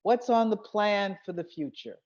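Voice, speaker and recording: A woman's voice: medium pitch, expressive, normal speed, darkish tone, muffled recording. A woman hosting an interview, asking questions and affirming her guests. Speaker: host. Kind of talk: interview conversation.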